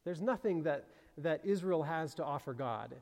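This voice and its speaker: A slightly high-voiced man gives a sermon, talking it through conversationally and reading passages aloud. His voice rings with the long reverb of a large hall. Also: expressive, moderate pace, a little mellow. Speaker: preacher.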